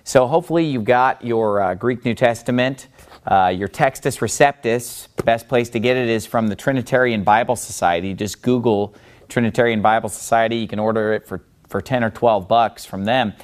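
A man teaching a lesson at a board, in a voice that sits in the middle range. He explains step by step, stops often to check with the listener, and slows down to stress each syllable when he shows how a word sounds. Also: medium pitch. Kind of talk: Bible-language lesson at a board.

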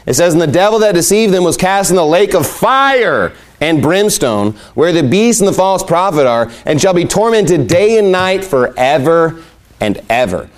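Man, fairly high voice, evangelism instructor, casual teaching tone, rhetorical questions. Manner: conversational, asks rhetorical questions and acts out exchanges. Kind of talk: instructional talk on sharing the gospel.

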